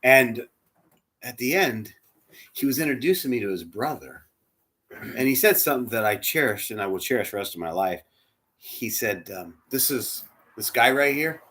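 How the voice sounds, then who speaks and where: A man leading a church, telling a heartfelt personal story in a sermon, dropping to a hush and rising loud as he acts out the quotes. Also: medium pitch, animated, normal speed, pauses often. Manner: emotional, swings from hushed to loud, acts out quotes. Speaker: church spiritual leader.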